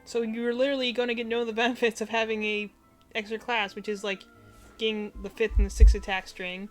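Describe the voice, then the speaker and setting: A woman's voice: on the high side, flat delivery, fairly quick, faint music behind. A woman streaming a video game, chatting casually with a dry, sarcastic wit. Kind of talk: casual gameplay chat.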